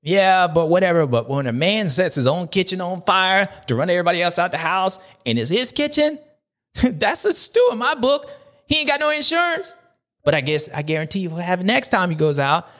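This high-pitched male voice is very animated, fairly quick, and a bit bright. He hosts a supercross race recap show, riffing in playful slang and repeating his catchphrases in animated, casual commentary.

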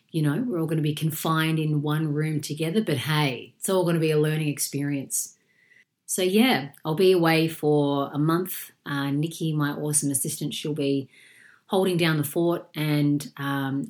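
A woman's voice: low voice, darkish tone. An Australian woman in her forties, sick with a chesty cough, hosting her podcast in a chatty, upbeat way with plenty of fillers. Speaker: podcast host and coach. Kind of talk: casual solo podcast chat.

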